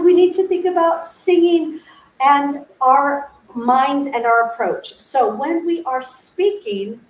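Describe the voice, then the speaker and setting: Higher-voiced woman teaching singing. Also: a little mellow, a little hiss or hum. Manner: demonstrates sung syllables and vowels; explains patiently, asks rhetorical questions. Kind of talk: informal livestream voice lesson. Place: room, solo livestream. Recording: echoey room, faint ambience.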